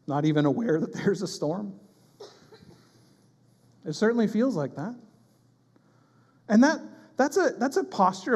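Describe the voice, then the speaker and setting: Male pastor, high voice, animated sermon delivery, church hall reverb. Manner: animated, acts out panicked voices, quick asides. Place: church sanctuary.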